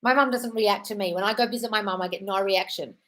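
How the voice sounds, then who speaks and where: A woman's voice: mid-range voice, fast, fairly bright tone, low-quality recording. Blunt, sweary woman host. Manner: blunt and sweary, gushing to viewers with "darling". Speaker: livestream host reading viewer comments. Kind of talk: casual live Q&A chat.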